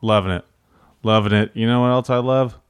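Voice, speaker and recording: A man's voice: lowish voice, steady tone, brisk, clear, resonant tone, no echo. A young man co-hosting a casual podcast chat, rambling with lots of fillers and frequent laughter. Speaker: podcast co-host.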